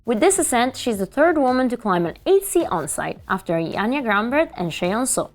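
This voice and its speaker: A woman's voice: fairly high pitch, sing-song, moderate pace, soft background music. A woman co-hosting a climbing news show, reading reports and chatting with her co-host.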